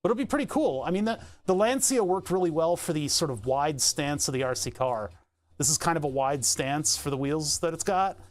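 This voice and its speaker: A man's voice: fairly high pitch, lively intonation, a little fast. A nasal-voiced American man rambling casually to his live-stream viewers while he works, laughing often. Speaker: livestreamer.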